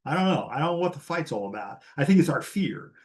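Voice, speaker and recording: A man's voice: a little high, sing-song, fast talker, a little mellow. A man teaching a live real estate class, blunt and chatty, acting out the dialogue he quotes.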